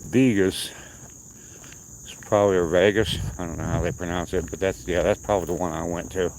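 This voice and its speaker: A man's voice: sits low, steady tone, a little fast, a little mellow, slight background noise, low-quality recording. An older man with a slight Southern accent, chatting casually with viewers on a live stream while out on a walk, rambling from topic to topic. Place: outdoors at night on a walk.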